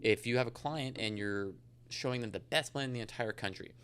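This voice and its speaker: Brief: man, podcast guest, rapid rambling delivery, smooth crisp voice, lowish pitch. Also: fairly bright tone. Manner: fast, rambling storyteller with many fillers. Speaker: insurance agent guest. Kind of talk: casual podcast interview.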